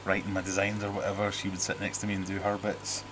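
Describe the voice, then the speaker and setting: There's background noise as this middle-aged Brit hosts a laid-back livestream in his home fish room, speaking quickly in a low monotone. He drifts through viewer comments, reading them out, joking, and cutting himself off to start again.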